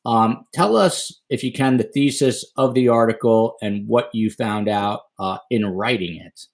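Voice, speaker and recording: A man's voice: fairly low pitch, a little slow. A man hosting a podcast interview, chatty and self-deprecating, wandering into asides. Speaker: podcast host.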